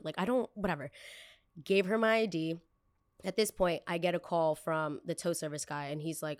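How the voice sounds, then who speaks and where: A woman hosting a podcast, telling a personal story in a casual, animated way and acting out what people said. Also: lowish voice, moderate pace, smooth, no echo, studio quality. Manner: animated, acts out quotes, many fillers. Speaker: podcast host.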